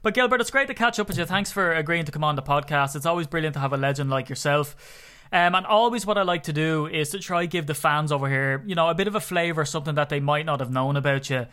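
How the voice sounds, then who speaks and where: A man's voice: fairly high pitch, fast, pushed and bright, smooth. An Irish man hosting a podcast and interviewing a guest in a chatty, joking, eager way. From Ireland. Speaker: podcast host. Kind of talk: casual interview chat.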